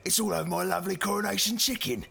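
An actor playing a hot-tempered, gruff British driving instructor in a comedy sketch. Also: male voice, high-pitched, rapid-fire, bright, forceful tone, exaggerated voice. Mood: angry.

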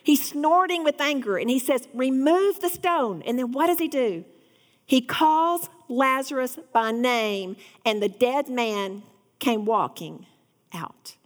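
A woman's voice: fairly high pitch, takes it slowly, big-room sound. A woman giving an earnest devotional Bible teaching, rising to fervent emphasis.

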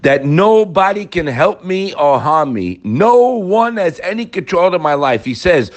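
Animated man giving a Torah class. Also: a little high, moderate pace, hardly any pauses. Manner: animated, speaks to listeners as "guys", repeats key phrases. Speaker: Torah teacher.

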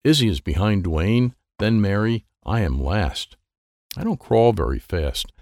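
A man reading a children's book aloud, lively and playful, with sound effects and character voices. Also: on the low side, measured pace, no echo. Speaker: audiobook reader.

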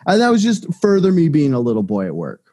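Higher-voiced joking podcast man. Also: wildly swooping pitch, fast talker, warm tone. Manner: crude, joking storyteller. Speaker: podcast co-host. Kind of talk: casual podcast chat.

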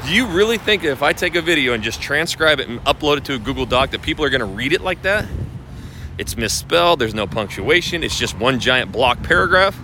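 A man's voice: fairly high pitch, sharp tone, a little hiss or hum. A man coaching real estate agents on video marketing, talking casually to camera in a blunt, profane, ranting manner.

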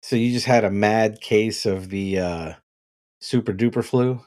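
Male podcast host, lowish voice, relaxed joking banter. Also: measured pace. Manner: loose, joking, swears freely. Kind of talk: casual chat.

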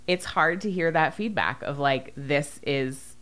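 Very low-pitched woman podcast co-host. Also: a little slow, fairly bright tone. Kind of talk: casual podcast chat.

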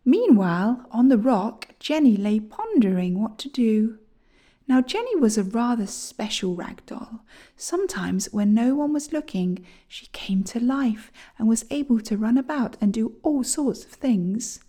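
A woman reading a children's storybook aloud, gentle and often near a whisper. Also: a little high, very animated, measured pace.

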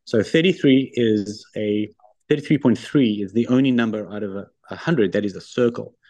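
In a casual interview, the guest, a middle-aged founder of a wealth firm, spins anecdotes at a quick, confident clip. He speaks with a warm, lowish voice.

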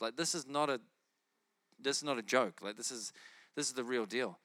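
A man preaching and telling a testimony story in an animated way, often laughing as he talks. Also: mid-range voice, fast, no echo, studio quality.

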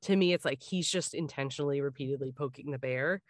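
A woman's voice: rumbling low, quick pace, dry recording. Chatty woman co-host, dry close sound. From Richmond area, Virginia. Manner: rambling, many fillers and restarts. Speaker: podcast co-host. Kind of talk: casual chat.

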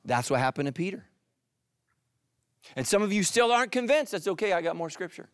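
A middle-aged male pastor preaching a sermon, animated, dropping into soft intense asides. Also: fairly quick, no room sound, studio quality. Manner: animated, voices quoted characters with jumps in pitch.

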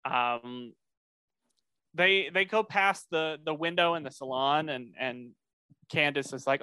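Podcast co-host, man, slightly high and sharp-toned, chatty, lots of ums and restarts. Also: slow, smooth, dry recording. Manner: rambling, many fillers and restarts. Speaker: podcast co-host recapping episodes. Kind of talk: casual podcast chat.

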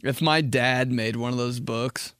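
A young man hosting a podcast, rambling through a comic story and dropping into slow, low voices when he quotes people. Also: fairly even intonation, a bit bright, clear, resonant tone, no echo, clean studio sound. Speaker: podcast host. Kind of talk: casual comedic monologue.

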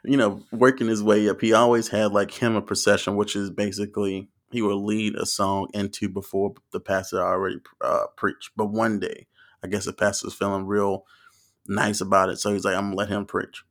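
A man's voice: lowish voice, little pitch movement, normal speed. A man around thirty from the American South, telling funny stories in a rambling, profane, casual way. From Southern United States. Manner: rambling and profane, laughs often. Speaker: storyteller. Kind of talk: casual comedic storytelling.

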